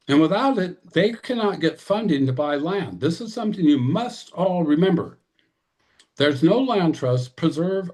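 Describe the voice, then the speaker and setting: Guy on a video call, fired up and urgent, kinda high voice, preaching at the crowd. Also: a little mellow. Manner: fervent, urgent, exhorting. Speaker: tribal representative presenter. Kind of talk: impassioned webinar address.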